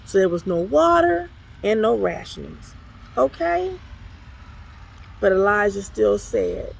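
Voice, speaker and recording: Woman preacher, casual devotional talk, very slow, heavy vocal fry, folksy, says honey and y'all. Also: medium pitch, huge pitch swings, slight background noise. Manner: folksy and exclamatory, calls listeners honey and y'all. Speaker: apostle and ministry overseer. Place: outdoors by water behind an apartment complex. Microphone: phone camera, self-filming.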